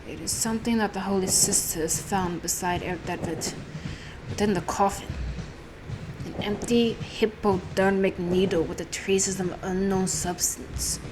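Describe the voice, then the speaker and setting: A woman's voice: mid-range voice, steady tone, a little slow, background noise, lightly acted. A woman voicing a formal, polite male investigator with a put-on European accent, reading game dialogue aloud.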